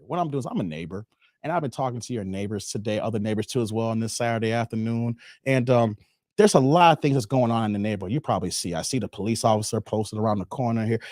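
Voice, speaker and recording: A man putting on the voice of a polite male door-to-door preacher, soft-spoken, measured and persuasive, in a comedic skit. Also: medium pitch, no room sound, studio quality, pitched below the performer's own voice, natural voice.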